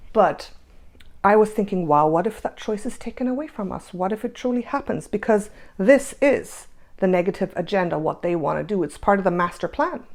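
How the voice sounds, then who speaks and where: A woman's voice: lowish voice, darkish tone. A woman hosting a spiritual energy-update monologue, emphatic, repeating her phrases and asking rhetorical questions. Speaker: spiritual channel host.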